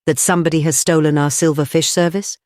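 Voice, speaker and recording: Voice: medium pitch, steady tone, fast talker, darkish tone, dry recording, studio quality, close to an everyday voice. A narrator voicing a stiff, wooden military colonel who speaks raucously and harshly.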